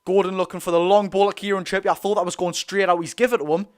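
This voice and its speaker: A man with a Geordie accent giving excited, rapid live football commentary as host of a fan watch-along, cheering his side on. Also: high-pitched, clean tone. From North East England. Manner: talks very fast; animated, cheers players on.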